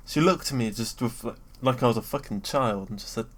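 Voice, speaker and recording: Talking quickly with hardly any pauses, a young adult British vlogger rants in a loose, sweary way. Fillers like "um" and broken-off sentences abound, and he keeps leaping into louder, higher excited bursts.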